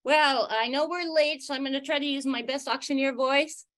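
A woman with a fairly high voice reads prepared remarks announcing competition winners in a webinar. She sounds upbeat and moves through her slides steadily. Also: steady tone, normal speed. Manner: upbeat, reading prepared remarks with light laughs. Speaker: prize announcer.

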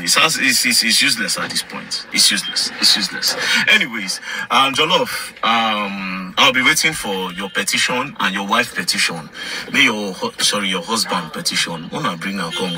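A man's voice: medium pitch, background noise. A Nigerian man delivering a confrontational rant to the camera, mixing English and Pidgin and repeating his points. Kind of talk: heated direct-to-camera rant.

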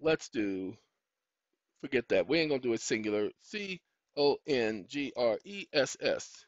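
A man's voice: medium pitch, animated, unhurried, dry recording. A man hosting his own online show, chatting casually as he searches on a computer, scolding it aloud and spelling out words letter by letter. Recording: dull lo-fi dry recording.

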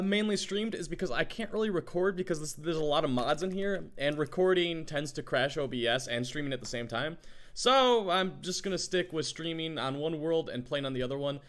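A man with a groggy morning voice, chatting in a rambling, excitable way as he gives let's play commentary. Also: a little high. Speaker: gaming YouTuber.

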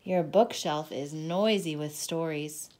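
A woman hosting a children's storytime, reading a bedtime picture book aloud in an expressive, gentle way and inviting the kids to join in. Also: deep voice, slow pace.

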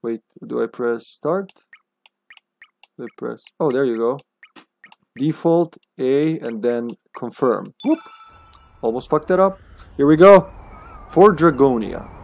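A man's voice: mid-range voice, expressive, takes it slowly, creaky, pauses often, darkish tone. A man streaming a video game live, chatting casually and laughing often, swearing now and then.

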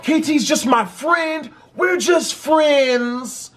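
Man doing a shrill panicked young woman. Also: very slow. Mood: frantic. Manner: shrill, frantic repeating.

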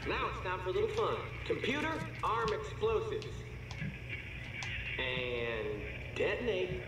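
Gloating game villain. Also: male voice, high-pitched, big pitch swings, measured pace, very noisy. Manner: taunting, theatrical. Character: gloating adult male villain setting traps. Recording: game audio, echoey, distant, loud music.

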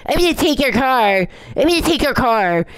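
A man putting on a high, stammering, whiny voice to mock another man as childishly insistent. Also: big pitch swings, moderate pace, fairly bright tone, smooth, no echo, exaggerated voice, low-quality recording.

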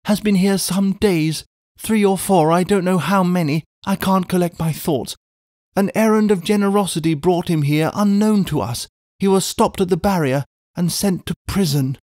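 A woman's voice: sits low, fairly even intonation, normal speed, dark tone, no echo, clean studio sound, lightly acted. A man voicing a distraught young woman who pleads breathlessly in a storybook reading. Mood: frantic pleading. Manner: breathless, imploring.

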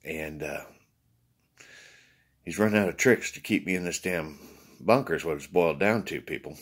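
Tired man, husky and low, lively pitch, rambling casual monologue to camera, swearing. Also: normal speed. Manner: rambling, swears freely, acts out quoted exchanges. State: tired from little sleep. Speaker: vlogger addressing viewers.

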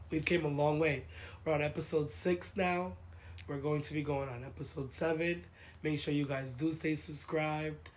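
A woman's voice: low voice, slight background noise. A woman hosting a casual chat show, venting emotionally and repeating phrases for emphasis. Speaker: podcast host.

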